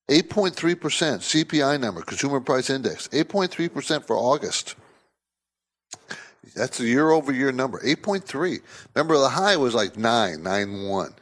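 A man hosting a financial talk radio show, giving emphatic, repetitive market commentary. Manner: emphatic, repetitive, lively swings of pitch.

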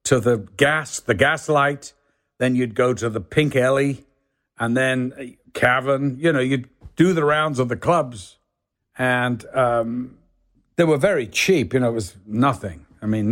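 An older English man with a soft northern Yorkshire accent, a guest actor telling rambling stories in casual chat, full of "you know"s. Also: mid-range voice, measured pace. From England. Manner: rambling storyteller, many "you know"s, does voices in quotes.

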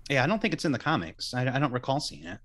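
Wry man with a lively voice. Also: mid-range voice, racing. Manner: wry, dry joking. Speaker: panelist. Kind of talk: casual panel chat.

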